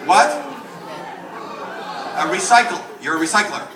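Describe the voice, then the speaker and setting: A man's voice: high-pitched, animated, measured pace, background noise. A man doing stand-up crowd work, teasing and riffing with people in the audience, recorded live in a comedy club. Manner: teasing, riffs with audience members. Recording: roomy live club from far off. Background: loud crowd laughter.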